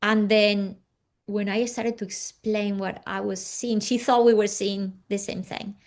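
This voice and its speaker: A woman's voice: mid-range voice, little pitch movement, a little slow. A woman guest in an interview, earnestly telling a personal story with slightly non-native phrasing and acting out what others said. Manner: earnest, acting out quoted dialogue.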